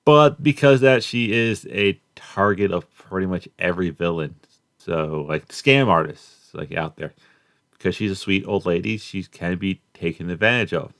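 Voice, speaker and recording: A young man with a low, deep voice talks through a cartoon in a loose, rambling way. He halts, restarts and leans on fillers as he goes. The sound is dry and close. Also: expressive, normal speed, fairly bright tone, dry recording. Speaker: cartoon reviewer. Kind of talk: casual spoken review.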